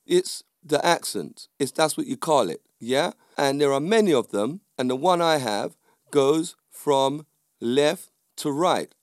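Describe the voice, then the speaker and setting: A man's voice: mid-range voice, no room sound. Emphatic man, dry sound. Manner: emphatic, with frequent tag questions. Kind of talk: casual monologue.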